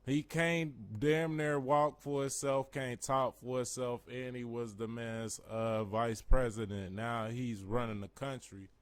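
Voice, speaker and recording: A man's voice: mid-range voice, steady tone, a little slow, few pauses, clear, resonant tone, no echo. A man giving casual, mocking commentary full of slang and swearing. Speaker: commentary vlogger.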